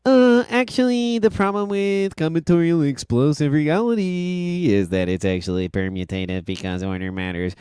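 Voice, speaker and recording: A man putting on a high, whiny voice for a pedantic know-it-all reading out a text. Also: moderate pace, hardly any pauses, darkish tone, smooth, no echo, studio quality, close to an everyday voice.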